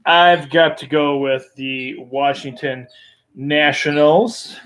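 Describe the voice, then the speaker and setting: A man hosting a live-streamed sports show, walking through baseball matchups at an easy, slow pace. His voice sits a little above the usual male range. He fills gaps with ums and uhs and chuckles now and then. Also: fairly high pitch. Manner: relaxed, filler-heavy, chuckling. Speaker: host.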